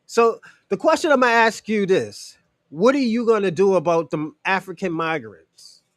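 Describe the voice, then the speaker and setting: A man from the United States with a high voice talks on a casual livestream and answers his chat. He is loose and profane, leans on "you know" and chuckles between points. The sound is dry and close. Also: lively intonation, moderate pace, dry recording.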